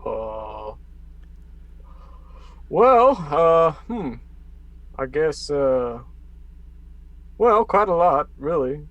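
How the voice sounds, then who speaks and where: A man's voice: fairly high pitch, very animated, drawn-out words, long pauses, a bit bright, no echo, dull audio. A man playing a tabletop game in character, laid-back and hesitant with many fillers. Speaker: player. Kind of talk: casual in-character tabletop play.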